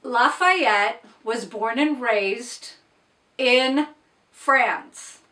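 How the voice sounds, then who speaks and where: A woman's voice: a little high, extremely slow, pushed and bright, distant mic. A woman chatting casually through a book wrap-up, blunt and opinionated, with plain asides to the viewer. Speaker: book reviewer. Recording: echoey room, off-mic.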